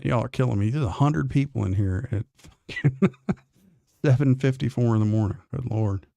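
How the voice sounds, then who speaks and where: A gravelly, dark-toned man chats on a morning livestream, reading comments aloud. He is blunt, profane and defiant, drawling through false starts, and his voice sounds close and dry. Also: medium pitch, normal speed, no room sound. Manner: drawling, with restarts. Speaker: livestream host.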